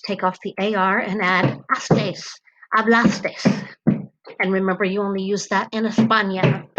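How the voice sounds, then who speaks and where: A woman teacher narrates a grammar lesson from her home, speaking slowly and patiently. Her pitch sits in a middle range, and she pauses with fillers while she explains each step. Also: a bit bright, rough recording. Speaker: Spanish teacher.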